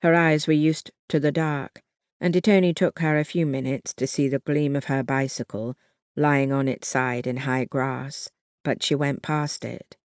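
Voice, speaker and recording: An audiobook narrator reading a historical novel in a measured, even way. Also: medium pitch, clear, resonant tone, no echo, studio quality. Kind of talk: scripted narration.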